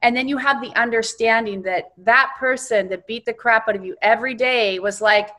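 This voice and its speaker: A woman reverend, a guest on an interview show, telling a spiritual guided exercise with emphatic, animated storytelling. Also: fairly high pitch, moderate pace.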